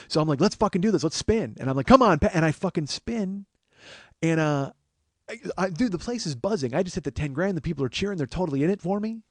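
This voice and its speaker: A man in his forties telling a comic story on his podcast, animated and profane, bursting into shouts when he quotes himself. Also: a little high, no echo, studio quality. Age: 40s. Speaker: podcast host.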